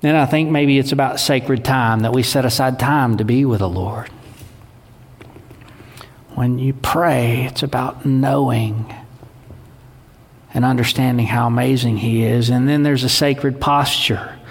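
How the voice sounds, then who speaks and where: A man's voice: medium pitch, steady tone, a little slow, long pauses, breathy edge. A man, preaching a sermon in a conversational, folksy way. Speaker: pastor. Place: church sanctuary. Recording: long hall reverb.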